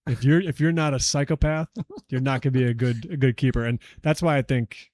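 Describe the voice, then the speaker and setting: A man in his forties and a father of three, talking candidly and low-key in a casual podcast chat. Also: fairly quick, a little mellow. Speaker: podcast guest.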